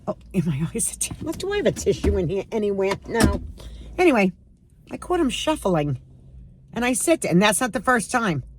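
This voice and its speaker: A woman's voice: mid-range voice, big pitch swings, fairly quick, background noise. A woman in her sixties chatting casually to camera at home, sarcastic and emphatic as she tells stories. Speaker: lifestyle vlogger.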